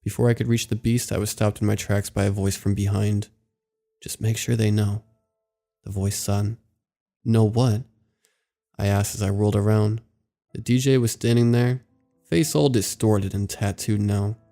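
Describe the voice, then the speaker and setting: A man narrating scary stories in a slow, even storytelling delivery. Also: on the low side, gravelly, faint music behind. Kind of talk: scripted horror story narration.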